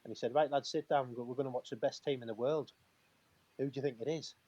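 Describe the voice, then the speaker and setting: A former footballer, a man, telling lively dressing-room anecdotes on a video call, acting out other people's lines and laughing often. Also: medium pitch, fast, muffled recording. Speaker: former professional footballer, guest. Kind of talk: casual storytelling.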